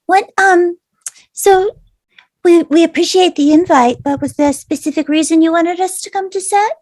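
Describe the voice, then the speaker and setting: High-voiced woman player, dry sound. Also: moderate pace, a little mellow, no room sound. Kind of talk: in-character tabletop role-play.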